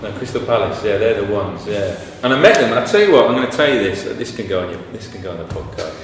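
Brief lowish-voiced male guest, loose and anecdotal with easy swearing, recorded far off the mic in a roomy echo. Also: lively intonation, fast talker. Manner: chatty anecdotal storyteller, swears casually. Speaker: podcast guest, graphic designer. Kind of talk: casual conversation. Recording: echoey room, distant mic, faint noise.

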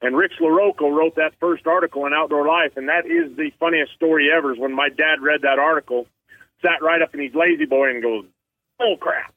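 A man's voice: on the high side, fairly even intonation, brisk, no room sound. A man in his fifties from Utah, a champion elk caller and radio guest, telling rambling folksy stories over the phone. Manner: folksy, rambling anecdotes with quoted voices. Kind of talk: casual storytelling on a radio show. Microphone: phone call. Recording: tinny phone line.

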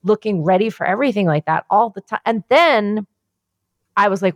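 A woman co-hosting a podcast in casual chat, rambling excitedly and swearing freely. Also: mid-range voice, moderate pace, no echo. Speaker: podcast co-host.

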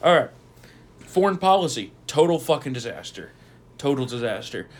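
A man's voice: mid-range voice, very animated, normal speed. Male podcast host, tired-voiced, sarcastic, swears freely. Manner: blunt, profane, sarcastic. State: losing his voice. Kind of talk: casual news talk.

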